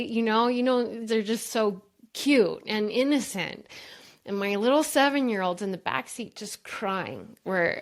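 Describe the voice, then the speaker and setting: Emphatic woman telling a story. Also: medium pitch. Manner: earnest, emphatic, addresses listeners as "you guys". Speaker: guest, brain coach. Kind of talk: storytelling in a podcast interview.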